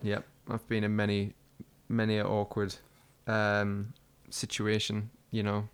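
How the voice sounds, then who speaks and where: A man's voice: lowish voice, completely flat delivery, unhurried, smooth. A young man co-hosting a casual chat, swearing freely and telling stories with acted-out quotes. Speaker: podcast co-host.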